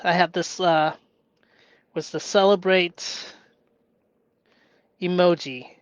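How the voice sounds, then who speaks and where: Man, solo live stream, slow unhurried talk, thinks aloud with pauses and restarts, bursts of cheering, dry close sound. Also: a little high, no echo. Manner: slow and musing, with sudden bursts of excited cheering.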